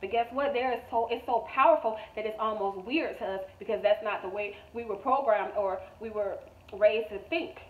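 A woman's voice: medium pitch, normal speed, distant mic. Woman with a thin, echoey phone-like sound. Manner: emphatic, repetitive, blunt and profane. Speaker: manifestation coach. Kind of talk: motivational vlog monologue.

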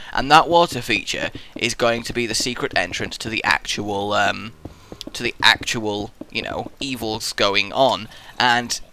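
Goofy, rambling young man. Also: medium pitch. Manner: rambling, goofy, lively, breaks into silly voices and mutters. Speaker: Minecraft let's player. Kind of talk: casual gameplay commentary.

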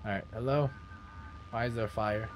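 Excitable young man yelling at a game. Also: lowish voice, moderate pace, noisy background. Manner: excitable, swears and yells when scared. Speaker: gaming video creator. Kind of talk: let's play commentary.

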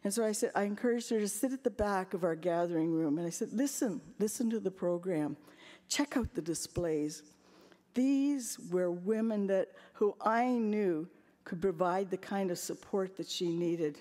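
A woman's voice: medium pitch, moderate pace, dark tone. A woman giving an earnest, emotional personal testimony at a convention. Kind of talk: heartfelt personal story. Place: large convention hall. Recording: long hall reverb.

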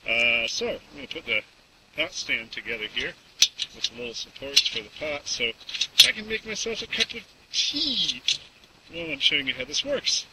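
A man's voice: mid-range voice, sing-song, moderate pace. A man casually demonstrating a camp stove outdoors, rambling with lots of fillers. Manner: folksy, rambling, with many fillers. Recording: distant outdoor mic with background noise.

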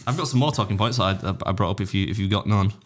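A man's voice: fairly low pitch, rapid-fire. A man, co-hosting a podcast in casual, rambling banter that often breaks off and restarts. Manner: rambling, self-interrupting, laughs at own jokes. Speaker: podcast co-host.

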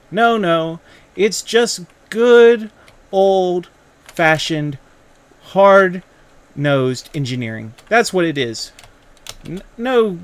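A man's voice: a little high, a bit bright. A young man, a gaming video creator, teasing a rival with mock-pompous banter as he issues a playful challenge.

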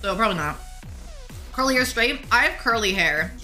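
Bright-voiced chatty woman streamer. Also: fairly high pitch, animated, normal speed, soft background music. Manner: chatty, reads chat aloud and answers viewers. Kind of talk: casual live-stream chat while gaming.

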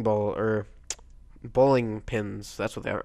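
A teenage boy with a stuffy nose from a cold, quietly rambling through casual gameplay commentary, breaking into excited yelps now and then. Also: fairly low pitch, slow pace, vocal fry, no room sound. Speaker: let's play gamer.

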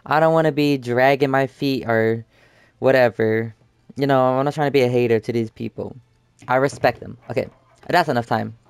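A young man chats loosely over his game footage, trailing off and restarting his thoughts as he goes. His voice is smooth and clear, recorded dry and close with no room sound. He sits at a middle pitch for a man. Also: steady tone, moderate pace, no room sound. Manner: rambling, chatty, lots of fillers and restarts. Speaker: gaming YouTuber. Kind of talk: casual gameplay commentary.

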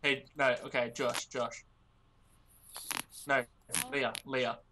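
A woman's voice: rumbling low, little pitch movement, slow pace, sharp tone, slight background noise. An Australian woman in casual gaming chat with friends, playful and teasing. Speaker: gamer.

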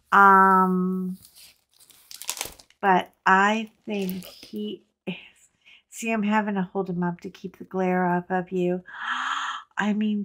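A woman's voice: medium pitch, fairly bright tone, poor audio. A middle-aged woman with a stuffy, sinus-laden voice, chatting casually and self-deprecatingly to viewers while unboxing craft supplies. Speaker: craft video host.

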